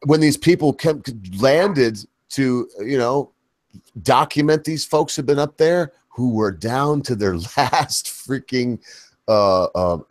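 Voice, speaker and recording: A lower-voiced man rambles through a casual panel chat as its host, folksy and loose, often stopping to correct himself. The sound is dry and close, with no room echo.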